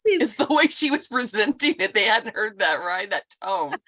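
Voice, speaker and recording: A woman's voice: medium pitch, sing-song, normal speed, fairly bright tone, dry recording, studio quality. A woman hosting a podcast, reacting to her guest with short, affirming replies. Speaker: podcast host. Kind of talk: interview chat.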